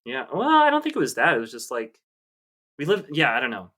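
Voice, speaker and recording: A man in his thirties telling his story at an easy, middling pitch, rambling and full of ums and likes. He circles back on himself as he talks in a casual podcast chat. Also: wildly swooping pitch, brisk, pushed and bright. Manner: rambling, hesitant, many fillers. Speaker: podcast co-host.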